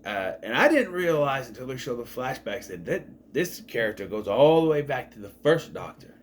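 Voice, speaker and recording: A man's voice: mid-range voice, big pitch swings, normal speed, a little hiss or hum. A man giving a casual, enthusiastic spoken review of a TV show, rambling and often correcting himself.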